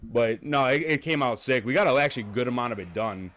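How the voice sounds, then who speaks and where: A man's voice: medium pitch, animated, fast, a bit bright. A man hosting a casual podcast chat, telling stories with lots of laughter and easy swearing. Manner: chatty storyteller, laughs a lot, swears casually. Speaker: podcast host.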